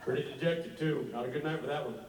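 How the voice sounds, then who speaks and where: A man's voice: fairly high pitch, fast, very noisy. A man hosting a convention panel, telling a comic story with swearing and laughter, recorded from far off in a big echoey hall. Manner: animated, profane, laughing. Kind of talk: comedic storytelling on stage.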